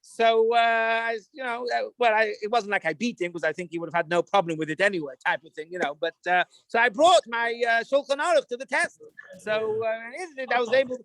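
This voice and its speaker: A man's voice: very high voice, fairly quick, fairly bright tone, no room sound. A man, a rabbi, talking casually to an online group, rambling through anecdotes with many fillers and restarts as he looks things up. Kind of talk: casual teaching talk with anecdotes.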